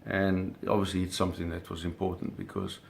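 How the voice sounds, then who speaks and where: Male storyteller, low and gravelly; casual, vivid, swears easily. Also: completely flat delivery, brisk, a little hiss or hum. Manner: vivid, swears casually, acts out sounds and scenes. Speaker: storyteller recounting a personal experience.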